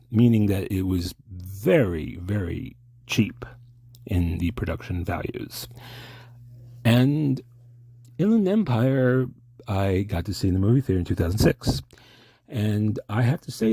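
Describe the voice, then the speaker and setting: A man rambles through an absurd comedy sketch, halting and mock-formal. His voice is low, gravelly and husky, and his pitch swings widely. The sound is dry and close. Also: mellow, no room sound.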